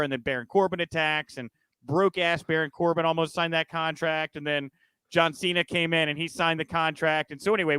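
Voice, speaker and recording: A man's voice: fairly high pitch, sharp tone, smooth, no echo, low-quality recording. A man hosting a podcast, running through news in a loose, chatty way with frequent fillers and jokey asides. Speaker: podcast host. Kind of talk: casual news chat.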